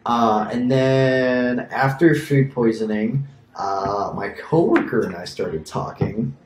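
A man's voice: mid-range voice, slow pace, darkish tone, slight background noise. A young man co-hosting a casual podcast, telling a rambling story full of fillers and asides. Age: young adult. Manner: rambling, filler-heavy, laughs at own stories. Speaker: podcast co-host. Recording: echoey room.

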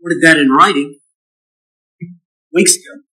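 Attorney rebutting in court, middle pitch. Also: measured pace, pushed and bright, rough recording. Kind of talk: courtroom argument.

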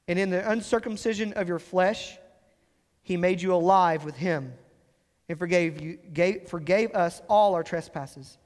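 A man with a high voice preaches a sermon, reading scripture and explaining it. He slows down and lifts his voice to press home the words that matter. His voice rings with a long reverb through a church sanctuary. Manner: explains scripture with emphatic rises and slow stressed phrases. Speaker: pastor.

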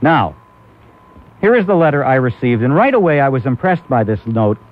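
A man's voice: medium pitch, very animated, normal speed. A man hosting a comic talk radio show, rambling and laughing often. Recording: muffled old AM radio recording.

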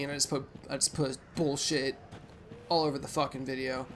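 A young man hosting a let's play, giving rambling, profane gameplay commentary with sudden loud outbursts. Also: mid-range voice, level tone, fairly quick, slight background noise.

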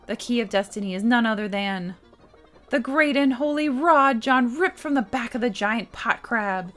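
A woman's voice: a little high, animated, normal speed, fairly bright tone, soft background music. A woman voicing a boastful older man who tells his adventures in a grand, theatrical way, reading video game dialogue aloud.

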